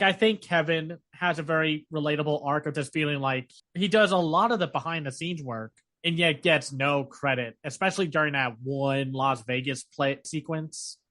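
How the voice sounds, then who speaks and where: A man co-hosting a podcast in casual chat, talking in an animated way with many fillers. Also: fairly high pitch. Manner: chatty, animated, lots of fillers. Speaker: podcast co-host.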